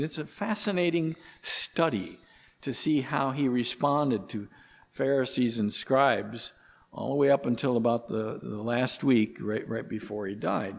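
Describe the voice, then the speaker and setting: Male preacher, mid pitch, unhurried and emphatic sermon delivery, long hall reverb. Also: creaky. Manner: slow, deliberate preaching with emphatic rises on key words.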